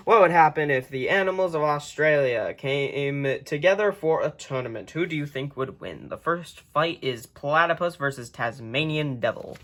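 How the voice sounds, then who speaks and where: A man's voice: on the high side, fairly bright tone. A man hosting a video, reading a children's book aloud in a casual way, often tripping over words and chuckling as he goes, recorded on a phone.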